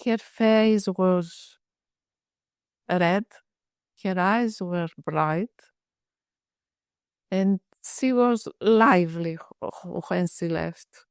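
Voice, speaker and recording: Slow, measured woman psychiatrist telling a case. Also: lowish voice, smooth, no echo, clean studio sound. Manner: slow, measured storytelling with frequent restarts. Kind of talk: case presentation in a webinar. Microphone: video call.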